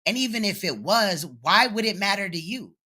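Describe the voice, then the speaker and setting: A commentator with a bright, forceful voice talks over a replayed livestream. The delivery is blunt, sarcastic and profane, with pointed rhetorical questions. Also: mid-range voice, expressive, normal speed. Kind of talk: reaction commentary on a livestream clip.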